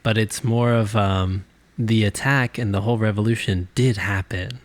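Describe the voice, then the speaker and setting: A man's voice: fairly low pitch, steady tone, moderate pace, no echo. A man co-hosting a podcast, laid-back and laughing in casual chat. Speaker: podcast co-host.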